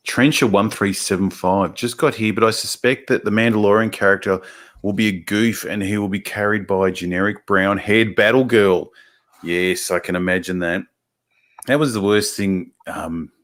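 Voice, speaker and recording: Low-voiced and fairly bright, this Australian man talks at a moderate pace while running a laid-back livestream. He goes through comments from viewers, wandering off topic, cursing often, and starting over again and again with plenty of filler words.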